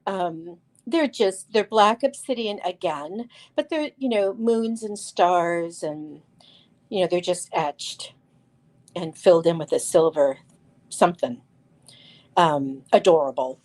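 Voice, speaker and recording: Slow and a little mellow, with a voice on the low side, this woman hosts a live show selling crystals. She rambles chattily with fillers and restarts, naming viewers as she shows each stone.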